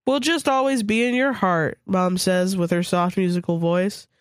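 A woman's voice: medium pitch, fairly even intonation, normal speed, no room sound, studio quality. A woman co-hosting a podcast, reading a story aloud with casual, crude asides. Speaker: podcast co-host.

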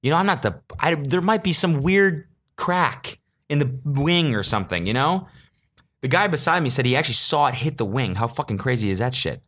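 A man's voice: mid-range voice, expressive, fairly quick, fairly bright tone. A man hosting a podcast, telling a rambling comic story in a casual, sarcastic way, swearing freely and joking before taking it back. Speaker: podcast host.

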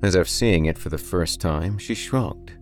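A man reading a horror story aloud for a podcast in a slow, deliberate, dark way. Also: low voice, soft background music. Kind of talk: dramatic horror story narration.

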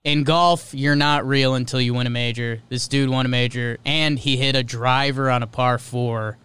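A man with a smooth, resonant voice hosts a laid-back sports podcast. He reads scores in short, clipped bursts and tosses in casual, offhand remarks. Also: mid-range voice, steady tone, moderate pace, fairly bright tone, no echo. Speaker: podcast host.

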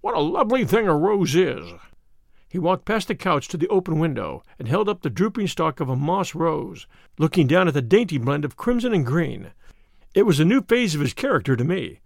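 A man narrating a classic detective story in an expressive, animated manner. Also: on the high side, a little fast, creaky, no echo, clean studio sound. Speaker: audiobook narrator.

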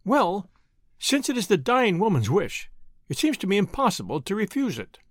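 A man's voice: high voice, huge pitch swings, moderate pace, no echo, clean studio sound, exaggerated voice. A man reading the lines of a self-satisfied middle-aged village wife in a story, matter-of-fact and prim. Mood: composed.

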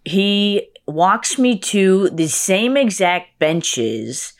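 A young woman telling a story in casual chat, acting out what others said. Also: very slow. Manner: animated, acts out quotes with big pitch jumps. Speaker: guest.

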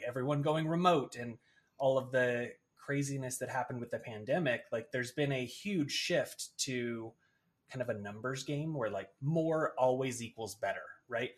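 Male author as interview guest; easygoing, conversational, mid-pitched. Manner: relaxed, lots of "like" and "right?". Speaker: guest, author and agency founder. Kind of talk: casual interview chat.

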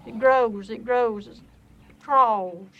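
Slow, rambling woman in a documentary clip. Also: a little high, lo-fi sound. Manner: slow, rambling, halting speech. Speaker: documentary subject. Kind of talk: interview clip from a film.

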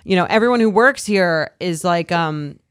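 A woman's voice: lowish voice, expressive, moderate pace, clean tone, dry recording. A woman co-hosting a podcast, chatty and full of fillers, with a dry teasing way of talking. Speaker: podcast co-host. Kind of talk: casual podcast chat.

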